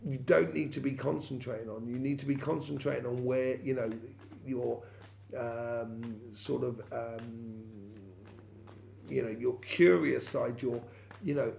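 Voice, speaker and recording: A man with a very gravelly, creaky voice talks through a tarot reading for his viewers. He rambles, hesitates and circles back with plenty of ums and you-knows. His pitch sits in an ordinary middle range. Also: moderate pace, darkish tone, slight background noise. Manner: rambling, many fillers and restarts. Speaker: tarot reader.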